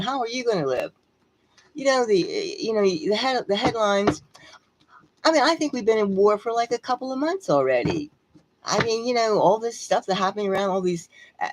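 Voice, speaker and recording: Agitated woman ranting, lively pitch. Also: a little hiss or hum, low-quality recording. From United States. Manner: agitated, ranting, repeats words. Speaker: tarot channel host. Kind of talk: agitated political rant.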